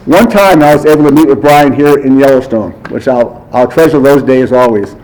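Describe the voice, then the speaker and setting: A man's voice: medium pitch, fairly quick, few pauses, darkish tone, low-quality recording. A man giving a eulogy for a friend at a memorial service, telling anecdotes in a chatty way, acting out bits of dialogue and chuckling often. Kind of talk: memorial speech, anecdotal storytelling.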